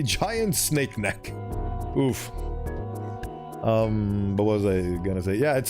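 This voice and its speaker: A young man streams himself reading a visual novel aloud, rambling through commentary full of chuckles and self-interrupting asides. His voice is medium-pitched and a little mellow.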